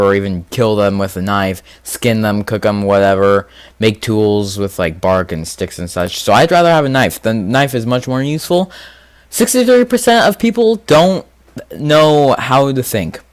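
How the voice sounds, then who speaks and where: A man hosting a casual gaming video, rambling and thinking out loud with lots of fillers as he answers quiz questions. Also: on the low side, moderate pace, clear, resonant tone, no room sound. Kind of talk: casual commentary on a quiz game.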